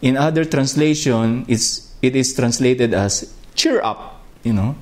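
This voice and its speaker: Slow-speaking Filipino man preaching. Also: mid-range voice. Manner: slow, reflective, with rising emphasis on key words. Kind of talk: sermon.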